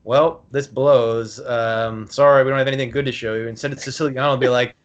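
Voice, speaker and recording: A man of middling pitch rambles through casual podcast chat, leaning on fillers and throwing in jokes. He keeps the talk loose and offhand. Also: fairly even intonation, quick pace, smooth, dull audio. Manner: rambling, heavy use of filler "like", joking. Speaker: podcast co-host.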